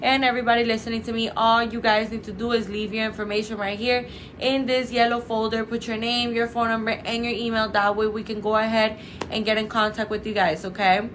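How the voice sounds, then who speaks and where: A woman presenting a live-streamed product pitch for a clinic, chatty and salesy, addressing viewers as "you guys" and repeating set sales phrases. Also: level tone, a little fast, fairly bright tone, slight background noise, rough recording. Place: indoors under bright lights.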